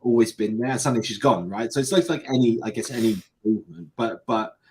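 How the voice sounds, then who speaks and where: A man's voice: medium pitch, fast talker, darkish tone, slight background noise, low-quality recording. A man with a British accent hosting a live tech stream, chatting casually and rambling with many restarts. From United Kingdom. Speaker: livestream host. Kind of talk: casual chat.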